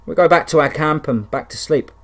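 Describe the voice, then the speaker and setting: A man reading a first-person wilderness horror story in a steady, conversational way with dry touches of humour. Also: on the high side, fairly quick.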